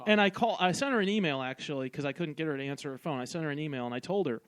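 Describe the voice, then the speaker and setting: Excitable young man with a high voice. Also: very fast. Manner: profane, excitable storytelling. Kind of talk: casual radio banter.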